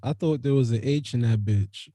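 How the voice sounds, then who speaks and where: A man's voice: medium pitch, moderate pace, warm tone, dry recording. A man hosting a podcast in loose, profane, laughing banter full of slang. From Jamaican family. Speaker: podcast host. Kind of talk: casual chat.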